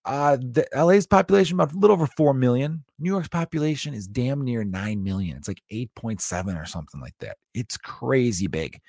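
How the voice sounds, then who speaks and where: A man's voice: medium pitch, animated, a little fast, vocal fry, few pauses, darkish tone, no room sound, clean studio sound. A man in his thirties hosting a podcast, rambling and joking in a casual monologue, swearing freely. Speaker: podcast host.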